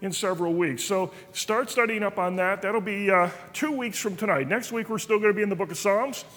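A man's voice: sits high, a little fast, fairly bright tone. A man teaching a Bible study in a church, earnest and folksy, telling stories. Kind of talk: sermon. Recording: reverberant church hall.

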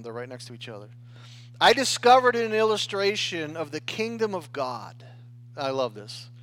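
A man with a high voice delivers a sermon in an easy, conversational way. He talks the way people do in everyday speech, restarting phrases and often pausing to check in with his listeners. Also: a bit bright. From United States. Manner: conversational preaching with frequent "right?" and restarts. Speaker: pastor.

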